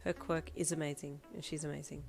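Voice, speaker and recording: Woman doing a low quiet deadpan teen girl, shy, music faint under. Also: moderate pace, gravelly. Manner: deadpan, dry, soft-spoken.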